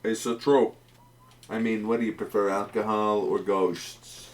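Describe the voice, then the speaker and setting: A man's voice: lowish voice, fairly even intonation, measured pace, a little hiss or hum. A young man streaming a game with a friend, joking and laughing as he talks. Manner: joking, laughs often, slips into silly voices. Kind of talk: casual gameplay chat.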